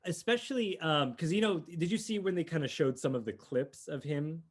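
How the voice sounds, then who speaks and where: A male podcast co-host with a voice on the high side chats casually and eagerly about films at a moderate pace. He often starts his sentences over, in the style of a relaxed movie review conversation.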